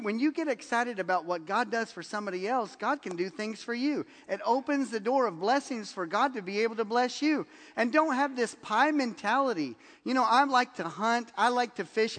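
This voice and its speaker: A man with a high voice preaches, and a long reverb tail trails his words. As a pastor, he tells animated stories and acts out quotes from the people in them, laughing.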